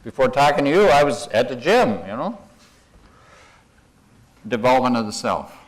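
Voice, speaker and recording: An older man addresses a conference audience in a folksy, meandering way, pausing to chuckle at his own asides. His voice sits in an ordinary middle pitch. He slips easily into a gentle guided imagery exercise. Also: sing-song, poor audio. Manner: folksy, wandering, self-deprecating, with chuckles. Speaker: conference speaker. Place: conference room.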